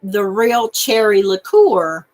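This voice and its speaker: A woman's voice: medium pitch, expressive, slow, a little mellow. A woman hosting a crochet channel, chatting casually with viewers and laughing and snorting often. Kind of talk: casual live chat reading viewer comments.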